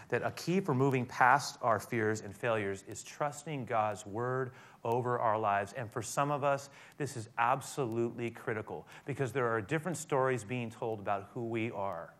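Bright-voiced man preaching emphatically. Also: mid-range voice, normal speed. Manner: emphatic, addresses listeners directly. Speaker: pastor. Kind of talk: sermon.

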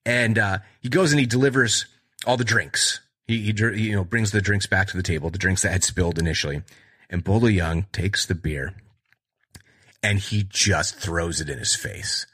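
A man's voice: fairly low pitch, husky. A man retelling film scenes in a casual, rambling way, acting out the lines as he goes. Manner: rambling, animated retelling with acted-out quotes. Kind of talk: casual movie chat.

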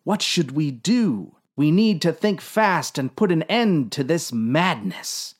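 Casting: a man playing a deadpan young sailor, slow and lilting. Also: a little high, slightly rough, full character voice. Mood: urgent. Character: earnest young male submarine sailor.

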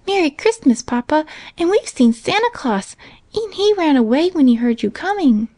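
A woman voicing a sweet, eager little girl in a storybook reading, with a high childlike tone. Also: big pitch swings, normal speed, mellow, no room sound. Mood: excited.

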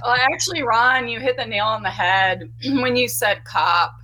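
A woman's voice: fairly high pitch, normal speed, sharp tone, poor audio. A woman with a Chicago accent, an actress guest talking upbeat with many fillers. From Illinois. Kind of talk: casual interview.

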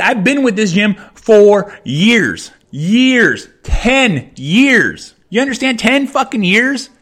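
A man delivers a furious podcast rant and swears almost every line. His voice sits high and sounds bright and tense. He circles back to the same phrases again and again. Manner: heavy swearing, repetitive, furious. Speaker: podcast host. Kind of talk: angry rant.

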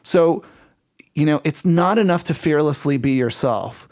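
A man co-hosting a podcast in a casual, energetic, rambling and playful way. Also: fairly high pitch, unhurried. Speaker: podcast co-host. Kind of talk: casual chat.

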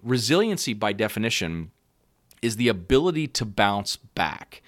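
A middle-aged man with a fairly low voice gives earnest, conversational encouragement to caregivers, often tossing in "right?" as he talks. He sounds close and dry, with no room around him. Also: fairly bright tone, dry recording. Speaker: parent coach and podcast host. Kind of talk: encouraging podcast talk to caregivers.

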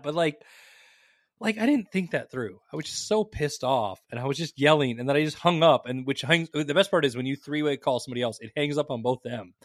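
A man co-hosting a podcast in casual chat, excitable and cursing freely, his pitch jumping when he gets worked up. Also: no echo, studio quality. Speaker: podcast co-host.

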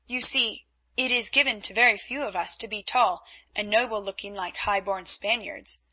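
A cheerful young heiress, given voice by a woman reading the story, light and lilting. The tone is bright and pointed, with a breathy edge. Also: mid-range voice, normal speed. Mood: playful. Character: cheerful young Dutch heiress, playful then frightened.

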